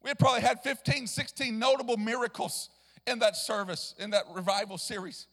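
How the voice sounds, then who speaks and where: Brief: male evangelist, very high gravelly voice, rambling storyteller who swells into a chanting sermon cadence, long church reverb. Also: steady tone, fairly quick, fairly bright tone. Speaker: traveling evangelist preacher. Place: church sanctuary.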